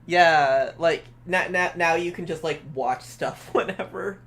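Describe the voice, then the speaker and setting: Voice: mid-range voice, measured pace, fairly bright tone. A young adult guest on a stream, chatting casually in rambling, stop-start sentences with some swearing. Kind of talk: casual chat.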